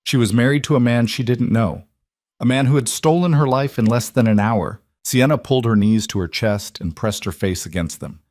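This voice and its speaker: A man narrating a dramatic story in an even, measured way. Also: medium pitch, no room sound, clean studio sound.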